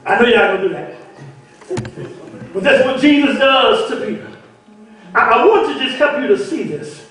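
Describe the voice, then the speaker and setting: High-voiced preacher in an echoey church. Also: male voice, expressive, moderate pace. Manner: call-and-response preaching, repeats words, builds to shouts. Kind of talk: sermon. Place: church sanctuary. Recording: echoey church hall from far off.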